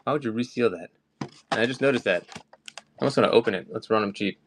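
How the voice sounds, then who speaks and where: Over a noisy background, a fast-talking man with a lowish voice hosts a live collectibles sale. His chat is casual, and he rambles off topic between items.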